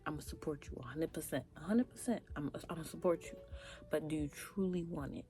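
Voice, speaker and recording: A young woman with a low, warm voice reacts in animated, casual commentary, talking straight to her viewers. She often drops into breathy half-whispered asides, with faint music playing underneath. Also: brisk. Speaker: reaction vlogger.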